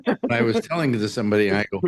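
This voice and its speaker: A man with a fairly low voice that swings up and down a lot as he tells jokes on a talk show. He rambles from one story to the next and now and then slips into acted voices. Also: very animated, racing. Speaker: radio talk show host. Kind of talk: casual joke-telling chat.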